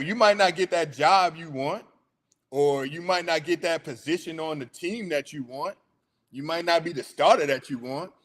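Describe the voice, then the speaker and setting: A man's voice: a little high, fairly bright tone. A middle-aged man hosting a casual sports talk show, chatty and hyped, laughing often.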